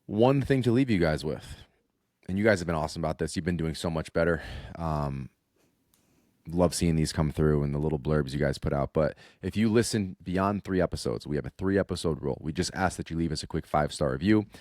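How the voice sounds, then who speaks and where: A man's voice: a bass voice, a little fast, a little mellow, no echo, clean studio sound. A young adult man co-hosting a fitness podcast, giving a direct, upbeat recap to listeners. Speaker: podcast co-host. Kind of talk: casual podcast chat.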